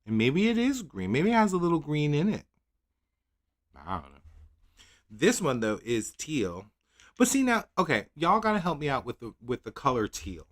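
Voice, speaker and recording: Male livestream host, lively up-and-down delivery, rambling and self-doubting. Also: a little high, normal speed. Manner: rambling, self-questioning, laughs at himself; reads product blurbs in a mock-dramatic voice. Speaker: nail polish channel host. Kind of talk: casual livestream chat.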